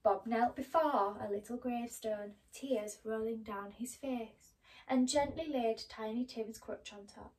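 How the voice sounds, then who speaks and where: A woman reads a children's story aloud with gentle, expressive pacing. Her voice sits somewhat high for a woman. It sounds a little distant from the mic. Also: a little slow.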